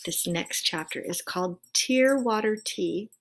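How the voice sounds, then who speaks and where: A woman reading a children's storybook aloud in a gentle way, adding soft asides to her listeners. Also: mid-range voice, unhurried, slight background noise.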